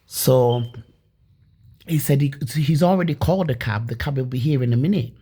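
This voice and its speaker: A woman's voice: rumbling low, normal speed, warm tone, slightly rough. A woman from Leeds telling her own story casually and animatedly, with many restarts and some swearing. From Leeds, England.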